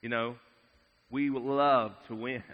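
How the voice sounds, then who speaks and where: A man preaching a sermon in a measured way, dropping his voice to a hush at solemn moments. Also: mid-range voice, steady tone. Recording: dull sound with long reverb in a large hall.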